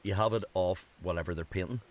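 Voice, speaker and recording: A man's voice: deep voice, fast. A man with a Northern Irish accent hosting a casual chat, telling stories with lots of swearing. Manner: swearing, lively storytelling with put-on quotes. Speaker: podcast host.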